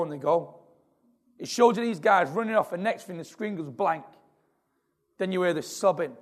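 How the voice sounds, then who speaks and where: A man preaching an earnest, repetitive sermon in a church, his voice gravelly. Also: sits high, moderate pace, pauses often. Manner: earnest, repetitive, building in intensity. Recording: long hall reverb.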